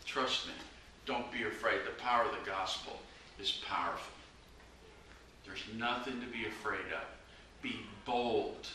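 A man's voice: on the low side, unhurried, pauses often, sharp tone. A man preaching a personal testimony, earnest and urgent as he exhorts his listeners. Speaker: evangelist preacher. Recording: very echoey room, mic far off, faint noise.

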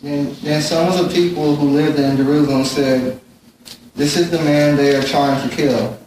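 A man in a Bible study group reading a scripture passage aloud in a steady, plain way with small stumbles. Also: a little high, moderate pace, slight background noise. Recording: very echoey room, distant mic, faint ambience.

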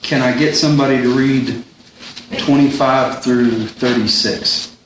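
A man leading a Bible study, explaining a passage in a thoughtful, halting way and often repeating words as he gathers his thoughts. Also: mid-range voice, fairly even intonation, noisy background. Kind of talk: informal Bible study teaching. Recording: very echoey room, distant mic, faint ambience.

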